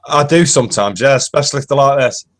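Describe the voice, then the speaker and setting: A man's voice: medium pitch, fast. A man chatting casually on a live stream as co-host, agreeable and joking, fond of doing accents.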